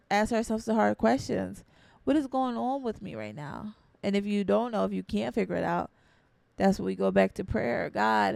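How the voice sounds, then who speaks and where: A woman's voice: mid-range voice, gravelly, no echo. A young woman hosting a podcast, talking in an earnest, conversational way with slangy phrasing, repeating her key points. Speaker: podcast host. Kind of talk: casual motivational talk.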